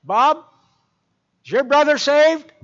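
A man doing a shrill, scolding little church lady. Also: a bit bright, exaggerated voice. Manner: shrill, rapid scolding questions. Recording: dull lo-fi recording.

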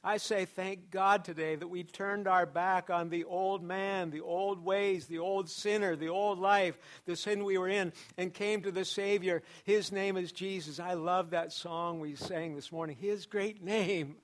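A man's voice: sits high, steady tone, measured pace, few pauses. A pastor preaching a sermon to his church, building emphasis through repeated phrases. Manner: preaching with repetition and rising emphasis.

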